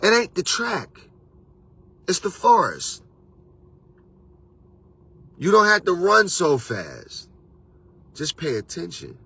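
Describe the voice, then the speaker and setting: A man's voice: high voice, huge pitch swings, slow pace, creaky, long pauses, bright, forceful tone, slightly rough. A man hosting a motivational monologue, preachy and repetitive, with casual slang. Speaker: motivational host and life coach.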